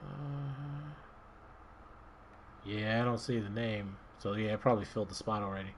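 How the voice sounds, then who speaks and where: Male streamer from Maryland, relaxed rambling play-by-play. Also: on the low side, normal speed, long pauses, slight background noise. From Maryland, USA. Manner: rambling, relaxed, talks to himself while playing. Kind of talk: casual gameplay commentary.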